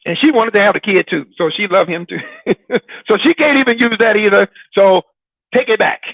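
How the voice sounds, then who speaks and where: A man's voice: high-pitched, brisk, gravelly, no room sound, phone-quality sound. A man hosting a Christian broadcast, preaching in a casual, teasing way with dramatic repetition and frequent laughs. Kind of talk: sermon-like casual talk.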